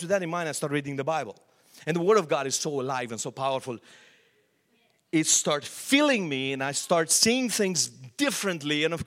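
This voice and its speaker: A middle-aged man from Romania with a Romanian accent, preaching a sermon and telling his story with animated, rising questions. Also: fairly high pitch. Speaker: pastor. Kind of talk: sermon testimony.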